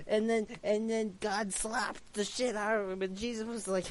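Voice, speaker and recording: A man's voice: sits high, level tone, normal speed, few pauses, slight background noise. A man telling an improvised, rambling story full of stammering restarts.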